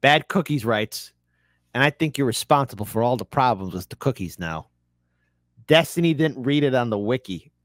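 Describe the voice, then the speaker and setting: A man's voice: mid-range voice, animated, moderate pace, dry recording, clean studio sound. A man commenting on a debate clip during a live stream, mocking it with laughs and reading viewer messages aloud.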